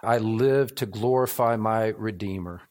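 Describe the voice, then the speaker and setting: A man's voice: lowish voice, measured pace, a little mellow. An older man preaching a sermon as a pastor in an evening church service, earnest and building to emphatic repetition.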